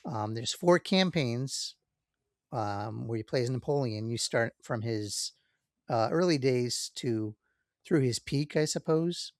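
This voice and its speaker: A man co-hosting a podcast, talking in a relaxed, rambling way, checking himself as he goes. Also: mid-range voice, slow pace, no echo, clean studio sound. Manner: relaxed, rambling, many fillers and self-checks. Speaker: podcast co-host. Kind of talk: casual chat.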